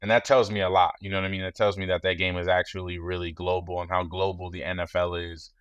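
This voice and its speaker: A man in his thirties talks as a guest in a relaxed interview. His low voice is measured and reflective, and he often drops in "you know." The recording is close and dry. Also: clean tone, dry recording. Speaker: guest, former football player.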